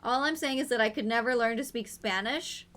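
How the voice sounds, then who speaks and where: A young woman chats casually while she streams a game, playful and quick to giggle. Her voice is bright and sits a little high. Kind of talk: casual gaming stream chat.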